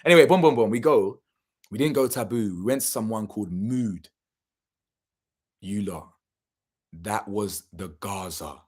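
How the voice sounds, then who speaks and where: A man's voice: fairly low pitch, a little slow, long pauses, a little mellow, slightly rough. A young man, telling a story casually and animatedly, full of slang and swearing, acting out what people said. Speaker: channel host.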